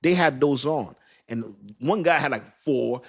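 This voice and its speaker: A man's voice: medium pitch, animated, unhurried. A man hosting a crypto livestream, talking loosely and joking, with laughs and apologetic asides. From United States. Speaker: crypto channel host. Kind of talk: casual livestream chat.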